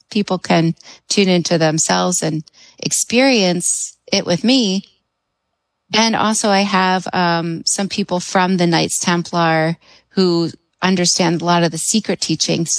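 A woman's voice: lowish voice, vocal fry, dry recording, low-quality recording. A woman guest on a radio talk show, speaking as a hypnotherapist in an enthusiastic, chatty way and laughing often.

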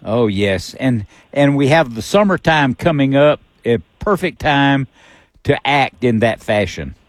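A man's voice: medium pitch, animated, a little slow, no echo. A man hosting a radio fishing show, giving a caller brief, encouraging replies.

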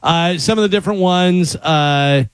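Man, host, fairly high voice, chatty, dry close mic. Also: measured pace, clear, resonant tone, no echo. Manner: chatty, reads items aloud, laughs often. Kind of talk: casual chat.

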